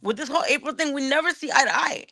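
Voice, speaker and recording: A woman guest on a show launches into an angry, profanity-laced rant, repeating and restarting her words as her temper climbs. She talks fast in a high, sharp voice, with no room sound.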